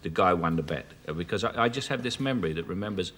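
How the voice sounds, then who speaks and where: Cockney male actor, 50s, chat show guest; low pitch, bright edgy tone, anecdotal and chuckling. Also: expressive. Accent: Cockney London. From South London, England. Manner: anecdotal, chuckling, halting restarts. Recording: 1980s television studio broadcast.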